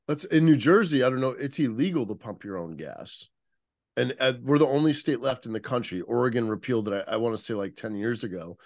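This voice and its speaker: A man's voice: medium pitch, animated, a little fast, a little mellow, no echo. Man, podcast guest, instructor tone, searches for words, dry close recording. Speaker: interview guest, nonverbal communication instructor. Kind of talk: casual podcast interview.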